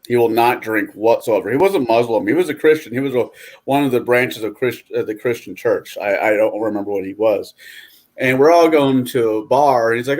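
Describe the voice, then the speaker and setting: Man, casual chat, storytelling, cursing, mid-pitched voice. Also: fairly quick, a little mellow. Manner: storytelling, swears freely.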